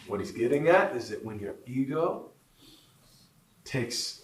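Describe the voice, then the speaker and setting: A man teaching a spiritual retreat group, telling stories in a lively, animated way. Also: medium pitch, measured pace, long pauses. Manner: animated storyteller, laughs along with listeners. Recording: roomy, from a distance, faint noise.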